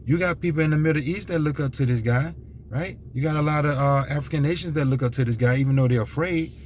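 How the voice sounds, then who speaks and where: A man's voice: a little high, fast, a little mellow, a little hiss or hum. A man giving an unscripted monologue, rambling and repetitive, with emphatic restarts and many fillers. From United States. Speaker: commentator.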